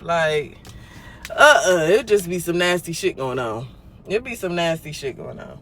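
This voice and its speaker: Young woman, livestream host, casual chat, blunt, profane, bright forceful voice. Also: fairly low pitch, big pitch swings, moderate pace. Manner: blunt and profane, with swings between loud and quiet.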